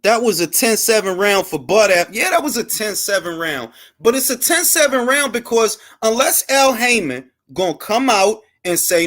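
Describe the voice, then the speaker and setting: A man's voice: sits high, lively intonation, normal speed, few pauses, a bit bright. A man hosting a boxing talk stream, giving heated, profane, emphatic commentary with lots of repetition. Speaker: boxing content creator and host.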